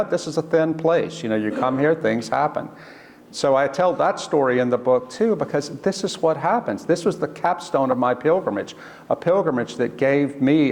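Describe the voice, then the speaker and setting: Earnest man telling a story in a church. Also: mid-range voice. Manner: earnest, halting, with restarts and quoted voices. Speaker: author telling a personal story. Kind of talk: storytelling talk. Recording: long church reverb.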